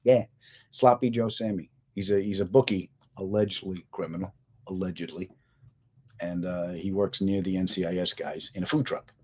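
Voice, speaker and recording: This middle-aged man's voice sits low and comes with a little hiss or hum, and his pace is moderate. As host of his own comedy podcast, he casually chats with viewers during a live stream and tells animated, joking stories.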